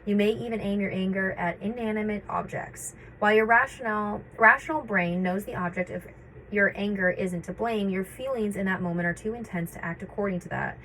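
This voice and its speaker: A woman's voice: mid-range voice, a bit bright, slight background noise, rough recording. A woman vlogging about her own grief. She reads passages from an article and breaks off into casual, hesitant commentary with many fillers and restarts.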